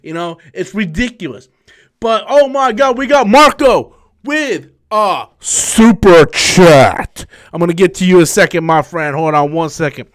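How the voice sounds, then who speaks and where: A man in his thirties hosting a live stream, tired after a long work shift, talking excitably and rambling with frequent restarts while he answers viewer messages. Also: high voice, unhurried. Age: 30s. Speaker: YouTube channel host.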